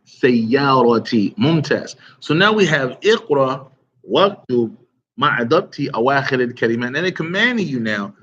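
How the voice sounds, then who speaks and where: A man's voice: medium pitch, big pitch swings, unhurried, a bit bright, dull audio, a little hiss or hum. A man teaching an online Arabic grammar lesson, quizzing students and praising their answers with casual asides.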